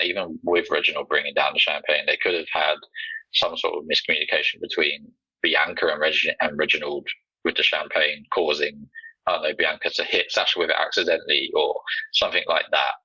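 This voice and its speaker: A man's voice: rumbling low, fairly even intonation, a little fast, sharp tone, slightly rough, no room sound. A man co-hosting a casual podcast chat, thoughtful and easygoing, on a slightly lo-fi mic. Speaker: podcast co-host.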